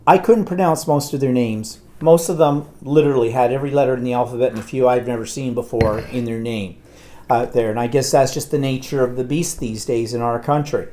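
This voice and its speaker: A man's voice: medium pitch, brisk, mellow, slight background noise. A man, co-hosting a live talk show and telling a long, exasperated anecdote in casual chat. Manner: rambling anecdotal storyteller, exasperated. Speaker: co-host.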